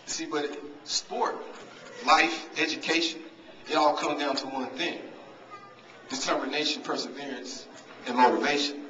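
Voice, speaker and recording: A man's voice: a little high, fairly even intonation, unhurried, long pauses, bright, forceful tone, slight background noise. A man, giving a humorous, motivational banquet speech as a coach and talking straight to the crowd, recorded in a large hall from a distance. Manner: storytelling, talks straight to the crowd. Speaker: guest speaker and coach. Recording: echoey hall, distant mic, dull sound.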